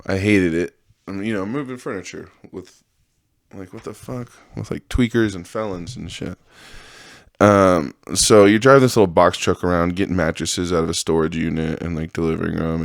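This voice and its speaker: A man's voice: low voice, no room sound, studio quality. A man hosting a podcast, telling rambling, profane stories about his old jobs in a casual monologue and acting out the people in them. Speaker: podcast host.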